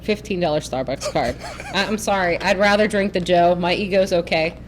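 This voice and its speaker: Low-voiced joking woman teacher. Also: slight background noise. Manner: quick, joking one-liners. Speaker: teacher, podcast guest. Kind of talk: casual podcast chat.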